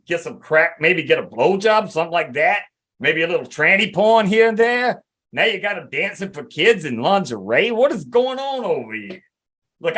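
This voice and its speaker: A crude, loud older Italian man blusters and exclaims, his voice climbing high and swinging widely as he gets worked up. A man puts him on for a podcast bit.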